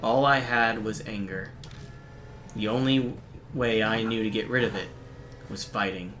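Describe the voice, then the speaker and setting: A man streaming a game, reading its visual novel text aloud in a steady, even narration broken by quick, dry asides. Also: lowish voice, slight background noise. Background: faint game music.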